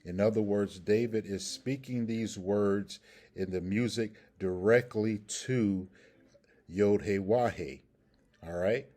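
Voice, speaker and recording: A man with a very low, dark, mellow voice leads a scripture language lesson. He explains each point slowly and with care, and he keeps checking in with his listeners with "okay?" and "all right?". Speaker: Hebrew grammar teacher.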